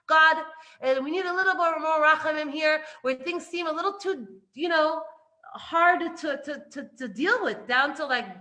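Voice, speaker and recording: A woman giving an animated spiritual lesson, emphatic and full of restarts, swinging between loud and hushed. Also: high voice. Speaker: Torah teacher.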